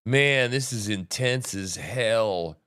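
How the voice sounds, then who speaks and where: A man hosting a livestream, reacting to a meeting with excitable, profane commentary that swings between loud outbursts and muttering. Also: lowish voice, takes it slowly, clear, resonant tone, no echo, clean studio sound. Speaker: livestream host.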